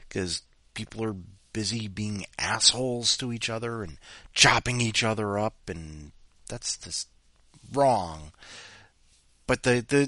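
A man hosts a storytelling podcast in a loose, rambling way, swearing without a second thought. His pitch swings widely as he talks. The sound is dry and close. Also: fairly bright tone, dry recording. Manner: rambling, irreverent, swears freely. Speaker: podcast host. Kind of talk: casual rambling commentary.

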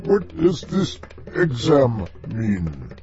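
A frantic caller with a thick Arabic accent shouts demands in broken English. The voice jumps far above a normal speaking register. A clear music bed plays under a dull, lo-fi recording. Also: male voice, medium pitch, wildly swooping pitch, very slow, pitched above the performer's own voice, exaggerated voice. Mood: pleading. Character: shouting frantic foreign man on a phone call.

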